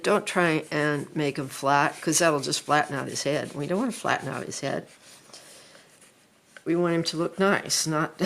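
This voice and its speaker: A middle-aged woman, an art teacher, talking through a drawing lesson in an unhurried, chatty way while she sketches. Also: sits low, gravelly.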